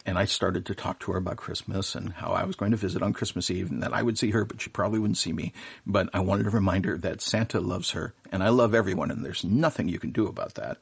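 Husky-voiced man telling heartfelt stories. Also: sits low, fast talker. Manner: warm, earnest storyteller with many fillers and restarts. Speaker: professional Santa performer, radio guest. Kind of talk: casual storytelling in an interview.

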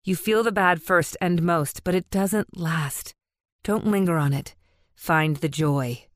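A woman playing a brisk healer in an audiobook, a cool, detached woman whose lowish voice stays quick and to the point while soothing. The reading is dry and close. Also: no echo.

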